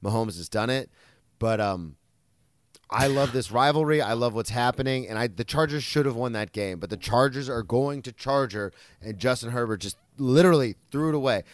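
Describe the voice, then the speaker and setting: A young man talks sports with a co-host in a loose, casual chat. He tells stories with lively emphasis, swears now and then, and pokes fun at himself, in a mid-range voice. The sound is dry and close, with no room echo. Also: medium pitch, moderate pace. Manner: animated storyteller, swears, self-deprecating. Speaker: podcast co-host.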